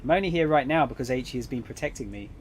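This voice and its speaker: A man reading the lines of a timid but stubborn young woman in a visual novel, in a soft, hesitant yet insistent way. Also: medium pitch, lively intonation, very fast, a little hiss or hum, close to an everyday voice. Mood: earnest.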